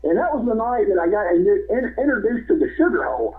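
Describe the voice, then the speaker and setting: A man's voice: high voice, very animated, fast talker. A man, a former wrestler and guest, telling rambling stories and laughing often, over a phone line. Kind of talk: casual storytelling.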